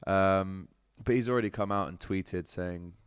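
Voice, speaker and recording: A man hosting a casual football transfer update in a smooth, lower-pitched voice. He is chatty and fills his talk with ums, speaking straight to viewers. The sound is close and dry. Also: unhurried, no room sound. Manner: chatty, lots of ums, addresses viewers directly. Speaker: sports show host. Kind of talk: casual transfer news chat with viewer comments.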